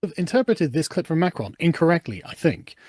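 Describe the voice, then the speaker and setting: Guy ranting over news clips, talks fast and sarcastic, swears a lot, voice jumps all over. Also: on the high side, no room sound, studio quality. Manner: fast, animated, sarcastic, swears and laughs often. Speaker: political commentator. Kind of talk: reaction commentary on news clips.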